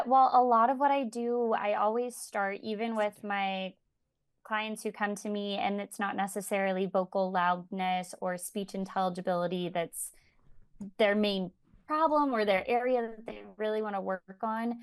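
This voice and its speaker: A woman's voice: medium pitch, moderate pace, no echo. Practical woman, dry close sound. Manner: steady, practical, explanatory. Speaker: speech-language pathologist, guest. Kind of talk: casual conversational interview.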